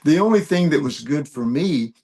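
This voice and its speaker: An older man, a musician, telling lively anecdotes in an interview, laughing as he goes. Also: a little high, moderate pace. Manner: animated storyteller, laughs often. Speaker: guest musician. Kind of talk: storytelling interview.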